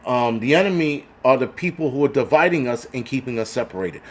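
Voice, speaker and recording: A man's voice: mid-range voice, lively intonation, fairly quick. A man hosting a livestream, ranting bluntly with heavy swearing and many restarts while thanking viewers for donations. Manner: blunt, heavily profane, repetitive restarts. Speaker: livestream host.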